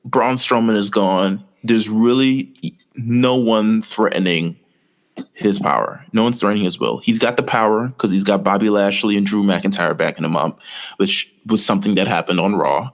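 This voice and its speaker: A man with a fairly low voice talks through his ideas in a loose, rambling way. He slips into quick quoted lines and keeps the chat casual, like a podcast co-host walking a friend through his plan. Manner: rambling, storytelling with quoted asides.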